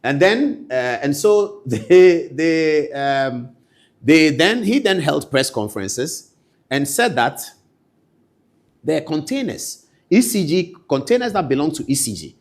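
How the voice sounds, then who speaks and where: A man with a Ghanaian accent giving political commentary, animated and swinging between loud outbursts and low asides. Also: measured pace.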